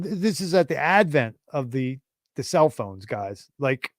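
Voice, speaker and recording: A man in his forties hosting a livestream, telling a rambling, profane story in a casual, animated way. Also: mid-range voice, unhurried, no room sound, clean studio sound. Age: 40s. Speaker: livestream host.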